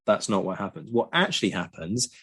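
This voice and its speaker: A man explaining history in a casual chat, lively and prone to ranting. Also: lowish voice, a little fast, slightly rough. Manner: lively, ranting, frequent ums. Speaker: podcast co-host.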